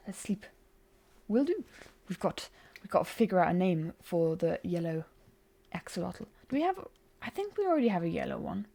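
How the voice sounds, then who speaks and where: A woman's voice: fairly low pitch, gravelly, mellow. A woman streaming a game, chatting casually, giggling and poking fun at herself, speaking close to a desk mic. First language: bilingual. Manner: chatty, giggly, self-mocking. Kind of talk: casual live-stream chat.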